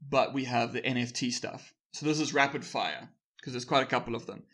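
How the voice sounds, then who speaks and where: A man co-hosting a podcast, running through news in a relaxed, rambling way and laughing easily. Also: mid-range voice, a little fast. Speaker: podcast co-host. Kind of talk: casual news chat.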